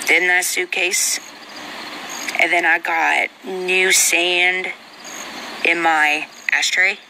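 A woman's voice: fairly low pitch, background noise. A young woman venting at home in an agitated rant, swearing heavily throughout. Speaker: vlogger. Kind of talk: venting monologue.

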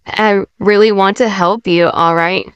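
A woman playing a kind young female friend who gently reassures someone in a casual fan roleplay. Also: mid-range voice, steady tone, measured pace, clear, resonant tone, dry recording, close to an everyday voice. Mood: reassuring.

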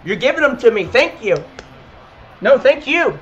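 A young man streaming a football video game, teasing his opponent with playful trash talk between quick play calls. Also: very high-pitched, big pitch swings, a bit bright, lo-fi sound, a little hiss or hum. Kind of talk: casual gaming stream chat.

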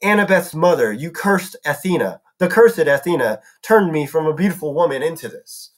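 A man's voice: on the high side, expressive, moderate pace. A man doing a crooning snake-haired monster woman. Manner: soft, soothing purr.

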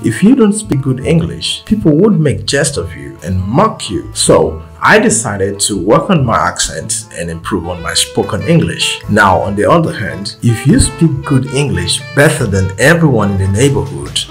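A man from Africa narrating a comedy skit in a measured storytelling way. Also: fairly low pitch, very animated. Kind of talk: scripted comic narration. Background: guitar music.

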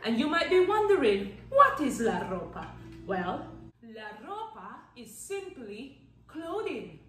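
A woman teaching a children's Spanish lesson in a playful, animated way. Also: fairly high pitch, roomy sound, distant mic, poor audio. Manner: animated and playful, claps out syllables, counts down magic tricks.

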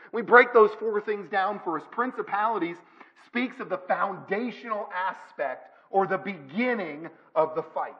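A man preaches a sermon in a church, pressing his points with repeated phrases. His voice sits high for a man. The recording is dull and lo-fi. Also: lively intonation, unhurried. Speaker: pastor. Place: church sanctuary.

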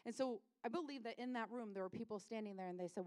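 A woman's voice: on the high side, quick pace, few pauses, darkish tone. A woman pastor preaching a sermon in a church, conversational and impassioned, acting out voices and dropping to near-whispers at tender points. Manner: conversational, acts out voices of people and Jesus. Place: church sanctuary.

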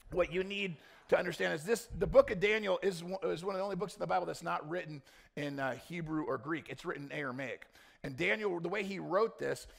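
A male pastor preaching a blunt sermon, dropping to quiet intensity and then rising into loud, mocking quoted voices. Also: fairly high pitch, vocal fry.

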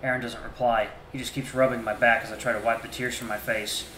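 A man's voice: medium pitch, little pitch movement, fast, sharp tone, slight background noise. A man reading a story game aloud in first person, earnest and emotional, now and then restarting a phrase. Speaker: game streamer. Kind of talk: reading a visual novel aloud. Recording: roomy echo.

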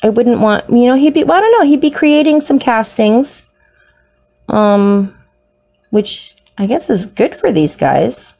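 A woman's voice: a little high, expressive, a little slow, creaky, mellow. A woman narrating a casual unboxing of her new pets, gushing and slipping into baby talk. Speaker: isopod hobbyist vlogger.

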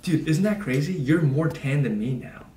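A man's voice: fairly high pitch, expressive, normal speed, mellow. A young man vlogging with friends, joking around in slang and showing off his muscles, filmed by a friend's camera. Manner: laid-back, slangy, flexing and joking about his muscles. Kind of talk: casual vlog chat with friends. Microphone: camera held by a friend. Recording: echoey and distant from the camera, with some background noise.

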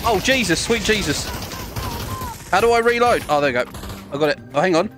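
A young man with a British accent talks through his gameplay in a high, lively voice that jumps all over the place. He bursts into shouts and laughter easily. Light music plays faintly behind him. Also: fairly quick. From Britain. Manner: excitable, loud outbursts and laughter. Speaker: gaming YouTuber. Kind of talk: casual gameplay commentary.

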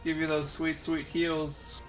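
A man's voice: a little high, completely flat delivery, slow pace, soft background music. Rambling man in a gaming voice chat. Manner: rambling, restarts with fillers. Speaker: gamer in voice chat. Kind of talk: casual chat while gaming.

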